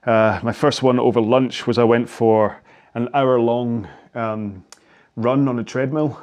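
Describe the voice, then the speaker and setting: A man's voice: mid-range voice, steady tone, unhurried, a little mellow, muffled recording. A Scottish man in his forties, an indoor rowing coach, talking through cool-down stretches in a chatty, rambling way with self-deprecating asides. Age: 40s. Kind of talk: casual workout cool-down instruction.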